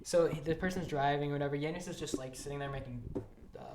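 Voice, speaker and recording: A podcast co-host telling a story in casual chat, acting out what coworkers said in lively quoted voices. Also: mid-range voice, quick pace, a loud crowd. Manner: animated, acts out what coworkers said. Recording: echoey room with steady noise.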